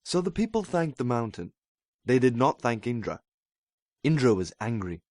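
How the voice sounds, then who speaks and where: A man reading a children's story aloud in a clear, even-toned way. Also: mid-range voice, moderate pace, dry recording. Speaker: narrator. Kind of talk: storybook read-aloud narration.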